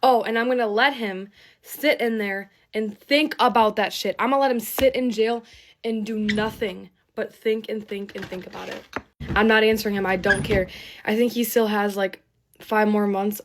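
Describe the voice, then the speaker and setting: A woman's voice: mid-range voice, fairly even intonation, normal speed, slight background noise. A young woman telling a personal story while getting ready, rambling with many fillers and frequent swearing, shaken and emotional. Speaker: TikTok storyteller. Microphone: phone camera.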